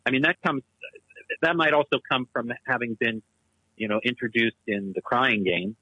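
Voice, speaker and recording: A man's voice: mid-range voice, moderate pace, sharp tone, slightly rough, dry recording, poor audio. A man co-hosting a casual talk show, speaking in an analytical, discursive way. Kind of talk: casual chat.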